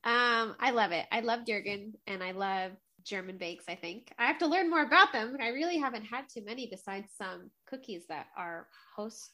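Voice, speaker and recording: A woman co-hosting a baking podcast, cheerful and quick to laugh, sometimes reading out background notes. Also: on the high side, expressive, sharp tone. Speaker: podcast co-host. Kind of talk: casual chat and read-out segment intro.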